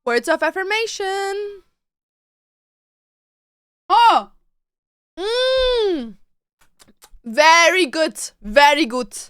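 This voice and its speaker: High bright woman streamer, bouncy up and down voice, playful and silly, dry close sound. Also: big pitch swings, extremely slow, pauses often, dry recording. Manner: playful, exclaims and sings nonsense words. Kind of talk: casual chat while getting ready.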